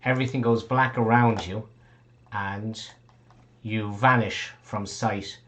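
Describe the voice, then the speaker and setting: A man's voice: lowish voice, fairly even intonation, takes it slowly, a bit bright. A man narrating a tabletop game as game master, rambling, swearing casually and laughing often.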